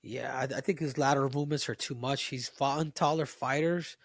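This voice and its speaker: A man co-hosting a fight podcast in casual chat, excitable and prone to restarting his phrases. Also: mid-range voice, brisk, creaky, no room sound, clean studio sound. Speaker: podcast co-host, fight analyst.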